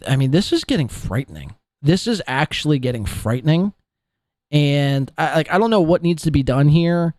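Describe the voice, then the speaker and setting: A man's voice: a little high, expressive, normal speed, darkish tone, no room sound, clean studio sound. A man hosting a podcast, ranting sarcastically and with a lot of swearing as he reacts to clips. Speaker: podcast host.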